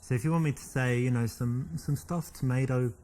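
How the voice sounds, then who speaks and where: A man's voice: medium pitch, a little fast, darkish tone, a little hiss or hum, natural voice. A man playing a smug, boastful Englishman. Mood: cocky. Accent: British. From England. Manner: boastful, cocky, flirtatious. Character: smug British man bragging about his accent. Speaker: seduction coach in a video game. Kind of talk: improvised acted dialogue.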